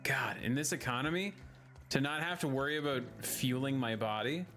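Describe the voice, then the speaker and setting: A man's voice: medium pitch, normal speed, a bit bright. A young man giving casual gameplay commentary, joking and laughing at himself as he plays. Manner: joking, giggly, self-mocking. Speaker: gaming streamer. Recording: music playing under the voice.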